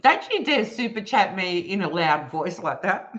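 Bright, playful Australian woman streamer. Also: lowish voice, moderate pace, lo-fi sound. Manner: playful, teasing, animated, laughs often. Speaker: livestream host reading chat. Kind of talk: casual live-stream chat.

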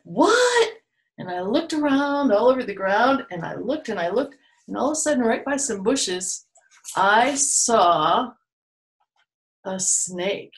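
A woman hosting a children's storytime for an online video, playful and full of exaggerated exclamations. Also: mid-range voice. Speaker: children's museum storytime host. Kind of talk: children's storytime, told to camera. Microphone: video recorded for online viewing.

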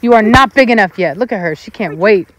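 A woman's voice: mid-range voice, animated, fairly quick, fairly bright tone, slight background noise. A woman casually chatting outdoors while watching her dogs, playfully scolding them with firm commands. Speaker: dog breeder and channel host. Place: outdoors in a yard.

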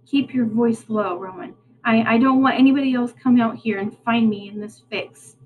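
A woman's voice: on the high side, moderate pace, narrow, tinny audio, slight background noise, close to an everyday voice. A woman voicing a proud, bossy young male salesman in a storybook, speaking in a curt rural drawl. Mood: hushed.

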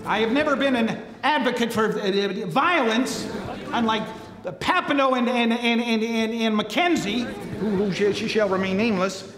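A man's voice: extremely high pitch, moderate pace. A man playing a blustering, stammering politician from the 1800s giving a pompous speech. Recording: echoey hall with crowd.

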